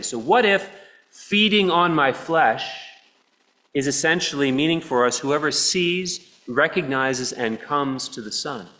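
A man's voice: on the high side, expressive, a little slow. Earnest man preaching a sermon. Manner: earnest, swings between soft and emphatic delivery.

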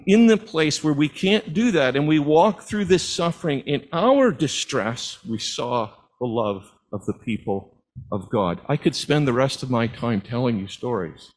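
A man's voice: medium pitch, lively intonation, a little slow, rough recording. A middle-aged man preaching, telling personal stories as testimony in an earnest, heartfelt way. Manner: earnest storytelling, at times moved to tears.

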